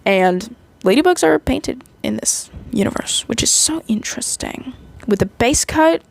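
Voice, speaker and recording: A woman's voice: fairly high pitch, animated, measured pace, gravelly. A woman in her twenties recapping a movie in a rambling, chatty way, full of fillers. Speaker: vlogger.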